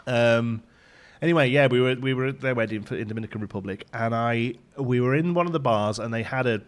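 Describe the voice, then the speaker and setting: A man's voice: mid-range voice, a little fast. A man chatting casually with his audience while streaming a game, laughing often as he talks. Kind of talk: casual live-stream chat. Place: home in Ontario, Canada.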